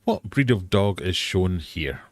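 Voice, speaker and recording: Low-voiced British man hosting a quiz. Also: sing-song, measured pace, dry recording. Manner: playful, jokey, laughs at himself. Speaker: live stream host. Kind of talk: casual quiz chat. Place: home fish room.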